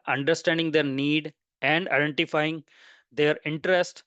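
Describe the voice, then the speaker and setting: Man, webinar presenter, methodical, listing terms, slightly high voice, dry close sound. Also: fairly bright tone, dry recording. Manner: methodical, explains by listing terms one after another. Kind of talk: webinar lecture.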